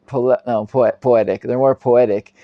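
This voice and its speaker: A man, a rabbi, teaching a live Bible class, reading Hebrew commentaries quickly and explaining them in English with frequent Hebrew terms. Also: dry recording, phone-quality sound. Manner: animated, acts out quoted speakers with sudden loud pitch jumps.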